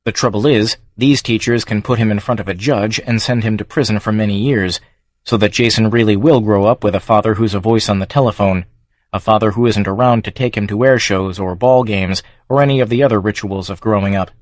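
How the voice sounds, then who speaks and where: A man's voice: lowish voice, steady tone, fairly quick, no echo. Man reading a story in a dry studio. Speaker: audiobook narrator. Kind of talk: scripted narration.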